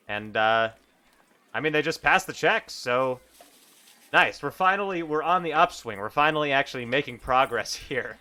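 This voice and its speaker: A man's voice: mid-range voice, expressive, moderate pace, pushed and bright. A man narrating a solo tabletop game on stream, thinking aloud and chatting in a self-amused way. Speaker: solo game master and player.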